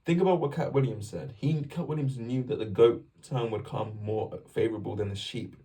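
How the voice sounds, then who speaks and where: Young English man, husky, rambling faith vlog. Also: medium pitch, normal speed, distant mic. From England. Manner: rambling, animated, self-interrupting. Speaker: vlogger. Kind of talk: casual faith talk to camera.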